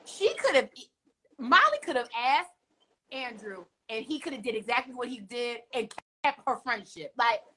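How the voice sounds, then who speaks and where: A woman's voice: fairly high pitch, normal speed, husky, rough recording. A young adult woman co-hosting a casual recap show, talking emphatically and acting out what people said. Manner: animated, emphatic, often acts out quotes. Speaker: co-host.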